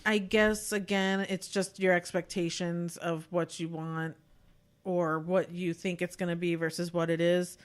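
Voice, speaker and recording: A woman talks through a movie she saw in a relaxed podcast chat, rambling along with plenty of fillers. Her voice sits a little low and sounds smooth and resonant. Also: measured pace. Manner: chatty, rambling with many fillers. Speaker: podcast co-host. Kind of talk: casual chat, movie review.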